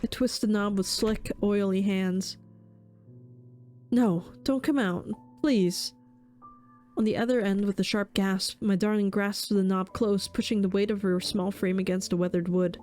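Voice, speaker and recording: Casting: woman streamer, mid-pitched, somber dramatic game reading, faint music underneath. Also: little pitch movement, normal speed, hardly any pauses, darkish tone. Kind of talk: reading a horror visual novel aloud.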